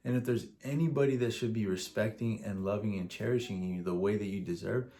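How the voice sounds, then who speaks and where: A man co-hosting a relationship advice podcast speaks frankly and earnestly. His voice sits somewhat low, and he drops in light joking asides. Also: a little fast, warm tone. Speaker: podcast co-host. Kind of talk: casual advice chat.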